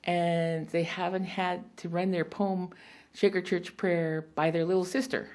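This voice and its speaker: A woman's voice: fairly low pitch, level tone, unhurried, a little mellow. A woman poet at a public reading, telling rambling personal stories between poems and laughing often. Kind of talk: storytelling talk between poems.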